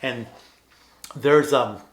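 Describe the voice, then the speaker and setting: A man's voice: medium pitch, drawn-out words. A man co-hosting a podcast in casual chat, earnestly retelling film scenes and acting out the characters' lines. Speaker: podcast co-host.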